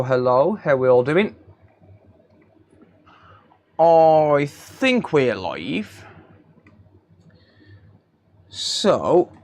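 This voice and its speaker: A man hosting a casual live stream, reading out viewers' names and calling them mate. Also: medium pitch. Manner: relaxed, greets chat viewers by name, calls them mate. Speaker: live stream host, repair technician.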